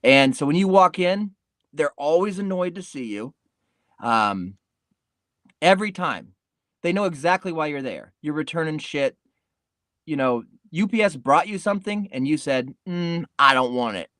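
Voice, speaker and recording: A man's voice: a little high, animated, moderate pace, long pauses, no echo, clean studio sound. A man hosting a podcast in a rambling, laid-back comedic monologue, swearing casually. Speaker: podcast host.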